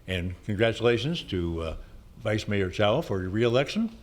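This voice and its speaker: An older man giving an earnest, measured public comment in a community hall. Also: on the low side, expressive. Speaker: historical society president.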